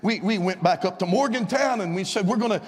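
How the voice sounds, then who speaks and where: A man, a visiting evangelist, telling a story in a fervent revival sermon that rises to shouts of praise, recorded in a church. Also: high voice, brisk. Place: church sanctuary. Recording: long church-hall reverb.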